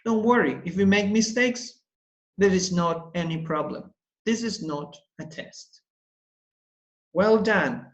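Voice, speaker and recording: A man's voice: high-pitched, slow, long pauses. A man teaching young pupils in a recorded lesson, spelling words out letter by letter and repeating them patiently, with encouragement. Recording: roomy, slightly dull home recording.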